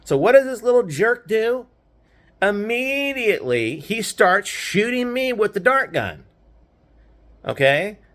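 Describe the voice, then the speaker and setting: An older man with a fairly high voice recounts a childhood memory in an easygoing, meandering way. He keeps checking in with his listener and chuckles wryly at the harsh parts. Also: big pitch swings, takes it slowly, fairly bright tone. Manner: rambling, checks in with frequent "right?"; laughs wryly at grim memories. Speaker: grandfather storyteller. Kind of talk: casual personal storytelling.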